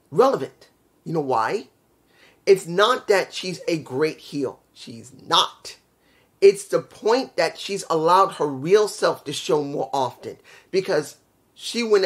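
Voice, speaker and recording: A young man casually reviewing a wrestling show, rambling and repeating his points for emphasis. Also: a little high.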